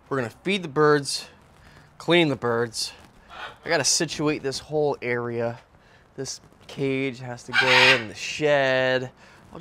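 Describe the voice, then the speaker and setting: Slangy, animated man vlogging outdoors. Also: background noise. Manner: loose, slangy and animated, switches to a high cooing voice for his birds. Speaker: vlogger, bird keeper. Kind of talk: casual vlog chat. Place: outdoor backyard cage area.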